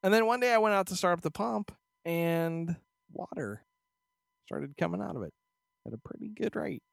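A man hosts a casual podcast, talking with a lively, swooping pitch that sits a bit high. He jokes and teases with crude humor. The sound is dry and close to the mic. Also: moderate pace, vocal fry, no room sound. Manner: joking, crude, teasing. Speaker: podcast co-host. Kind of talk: casual chat.

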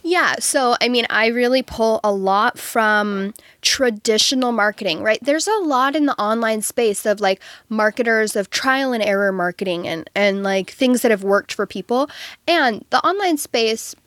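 A woman's voice: a little high, normal speed, a bit bright, dry recording. Chatty woman coach, dry sound. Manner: chatty, many fillers like "um" and "like". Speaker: guest, marketing coach. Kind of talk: conversational interview.

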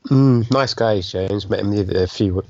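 A man's voice: on the low side, moderate pace, darkish tone, no echo, muffled recording. A man co-hosting a casual podcast, chattily reading listener messages aloud. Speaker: podcast co-host. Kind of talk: casual chat.

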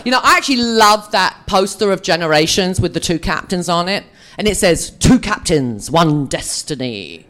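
A woman's voice: mid-range voice, brisk, bright, forceful tone. A woman telling chatty, self-mocking stories to a live audience as a guest on a convention panel. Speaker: actress speaking at a fan convention panel. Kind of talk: anecdotal storytelling to a live audience.

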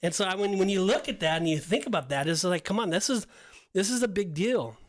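Podcast co-host, male, high pitched, excitable storyteller who acts out the characters. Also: quick pace, dry recording. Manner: animated storytelling, acts out voices of biblical figures. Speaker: podcast co-host teaching the Bible. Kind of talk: casual Bible study chat.

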